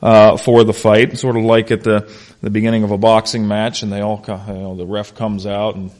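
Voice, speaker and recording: A man, a pastor, preaching a conversational expository sermon that swings between loud emphasis and quiet asides. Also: on the low side, little pitch movement, a little fast. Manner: conversational, unscripted, frequent "uh" and "you know".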